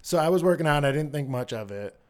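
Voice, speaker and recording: Middle-aged guy-voiced cohost, campy and animated, laughs mid story, casual chat. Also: a little high, fast talker. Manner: campy, animated storyteller calling everyone "girl"; laughs while telling stories. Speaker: podcast co-host.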